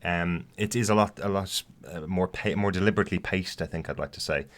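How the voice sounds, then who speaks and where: Deep-voiced guy on a tv podcast, lots of uhs, stops and starts. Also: fairly quick. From outside the US. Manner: hesitant, many fillers and restarts. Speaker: podcast co-host. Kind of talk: casual TV review chat.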